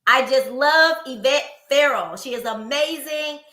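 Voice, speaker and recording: A middle-aged woman co-hosts a podcast in casual chat, with a fairly high, bright voice. She tells stories in an animated way and acts out the people she quotes. The room around her sounds echoey. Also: a little slow. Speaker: podcast co-host.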